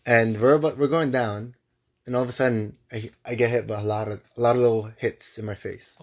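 A man's voice: medium pitch, steady tone, fairly quick. A young man with a mid-range voice co-hosts a casual podcast. He tells a travel story animatedly, doubling back and restarting his sentences as he goes. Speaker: podcast co-host.

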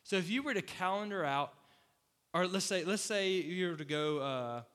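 A man preaching a casual, conversational sermon as pastor, animated, acting out quoted voices and laughing often. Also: sits high, normal speed. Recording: long hall reverb.

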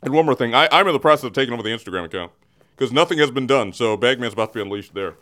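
In a radio studio, a man delivers a comedic in-character sports rant into a studio mic, theatrical, interrupting himself and often dissolving into giggles. His mid-range voice is animated, very fast, pushed and bright.

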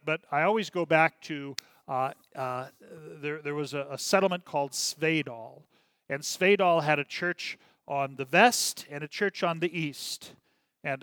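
Pastor leading a Bible class: a man with a bright, crisp voice, chatty and full of "okay?"s, recorded dry and close. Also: a little high, no echo. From Minnesota. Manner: conversational, checks in with "okay?" often; many fillers and restarts, reads passages aloud.

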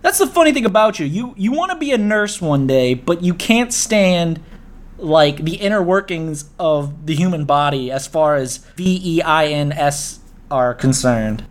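Podcast host: man, somewhat high voice, laid-back, laughs easily, casual swearing. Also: expressive, measured pace. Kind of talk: casual chat.

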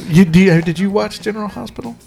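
A man with a notably high voice co-hosts a casual podcast chat. He rambles, restarts his sentences, swears and pokes fun at himself. Faint music runs underneath. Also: steady tone, quick pace, creaky, mellow. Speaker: podcast co-host.

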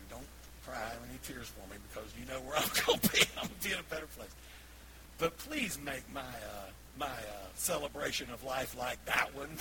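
A male pastor preaches a sermon in a church sanctuary, telling folksy personal stories and laughing warmly and easily at them. His pitch is fairly high, and there's background noise.

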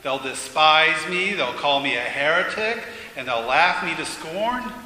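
A man's voice: on the high side, animated, unhurried, bright, forceful tone, full character voice. A man reading aloud as an anguished man pleading with God, his voice raised and strained. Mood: despairing. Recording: echoey hall with faint noise.

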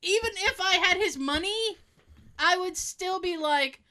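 A podcast co-host with an extremely high voice speaks at a measured pace in a casual chat. She's an animated storyteller, swearing freely and laughing often.

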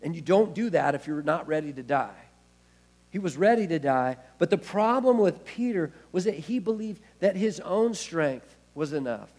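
A man preaching a sermon as pastor, expressive, with wide swings in loudness and casual, laughing asides. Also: a little high, moderate pace.

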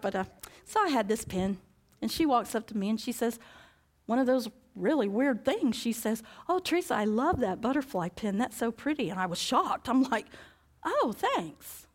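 High-voiced woman preaching animatedly. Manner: animated storytelling, acting out dialogue, laughing often. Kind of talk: sermon with personal story.

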